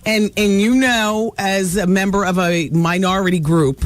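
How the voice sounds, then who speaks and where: A woman's voice: mid-range voice, fairly even intonation, measured pace, soft background music. Blunt radio host woman. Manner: blunt, opinionated, teasing. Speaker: radio talk show host. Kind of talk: call-in radio talk.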